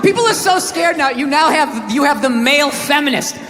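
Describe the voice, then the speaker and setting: Comedian ranting loud and sweary, high-ish voice, big roomy hall, crowd roaring with laughter. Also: male voice, animated, a little fast, heavy background noise. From United States. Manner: loud, profane, ranting delivery. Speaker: stand-up comedian. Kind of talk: live stand-up comedy set. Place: live comedy venue in England.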